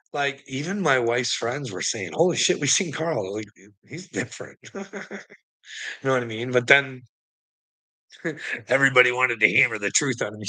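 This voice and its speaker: A man talks straight to his viewers in a loose, rambling vlog monologue, swearing freely. His voice is bright and pushed forward, and he keeps breaking into short laughs between lines. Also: medium pitch. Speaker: channel host.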